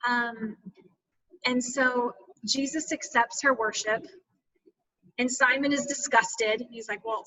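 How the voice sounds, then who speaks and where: A woman author speaks in a bright, slightly high voice, earnest and reflective, with plenty of "you know" fillers. She sounds a little far from her mic, as on a video call. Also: steady tone, slow pace, long pauses. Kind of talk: reflective personal storytelling in an interview. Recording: distant video call audio.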